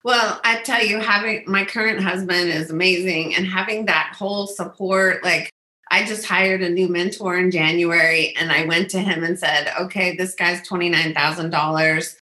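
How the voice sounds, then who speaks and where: A woman guest speaking in a casual interview, animated and acting out quoted lines in a high voice. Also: normal speed, roomy sound. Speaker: guest, business coach.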